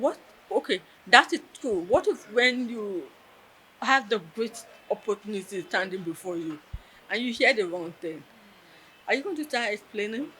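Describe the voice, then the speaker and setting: Earnest woman, bright voice. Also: medium pitch. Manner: earnest, heartfelt, pauses and restarts. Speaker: interviewee, deaf artist. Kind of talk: personal storytelling in an interview.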